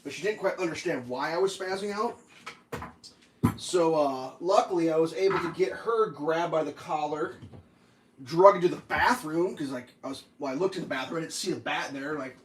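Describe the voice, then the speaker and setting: A man with a fairly high voice tells a rambling story over breakfast at home. He talks casually and gets animated when the story heats up, sometimes slipping into silly voices. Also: moderate pace, a little hiss or hum. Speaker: vlogger.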